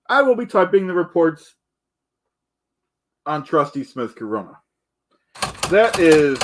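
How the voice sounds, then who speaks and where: Man, comedic rant, indignant, boastful, high voice, swooping all over. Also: fairly bright tone. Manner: indignant, boastful, repetitive, calls himself the Duke; stumbles and repeats words. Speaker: comedic ranter.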